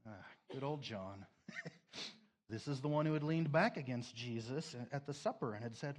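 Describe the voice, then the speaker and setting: A man preaching a sermon, emotional, swinging between loud emphasis and a soft hush, tearful at moments. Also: mid-range voice, lively intonation, normal speed. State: crying. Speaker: pastor.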